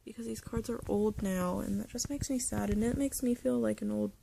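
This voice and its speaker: A young woman chatting casually about her collection, nostalgic and rambling, sometimes dropping to a soft whisper. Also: medium pitch, fairly even intonation, a little fast, creaky, a little hiss or hum. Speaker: vlogger showing a card collection. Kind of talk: casual chat. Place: bedroom.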